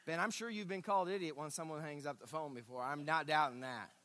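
A man pastor preaching a sermon in a church sanctuary, with emphatic bursts and hushed asides. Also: on the high side, quick pace. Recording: reverberant hall.

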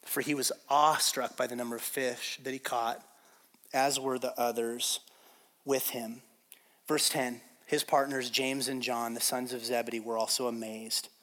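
A man preaching a sermon as pastor in an animated, conversational way, swinging from loud to quiet. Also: medium pitch, measured pace.

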